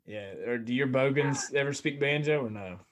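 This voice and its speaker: A man's voice: mid-range voice, moderate pace, fairly bright tone. A man from Florida in casual podcast chat, joking and asking lots of curious questions. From Florida, United States. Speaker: podcast co-host.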